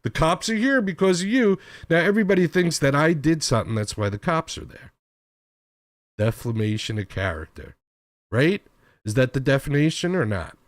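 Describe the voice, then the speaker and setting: A man's voice: fairly high pitch, dry recording, clean studio sound. A man telling an aggrieved story about work, swearing often and acting out other people's voices. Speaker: host. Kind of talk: storytelling rant.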